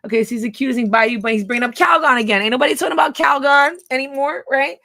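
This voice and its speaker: A woman's voice: high voice, fast talker, sharp tone, dry recording. A woman reading out private messages and commenting on them, blunt, profane and sarcastic. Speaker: gossip commentator.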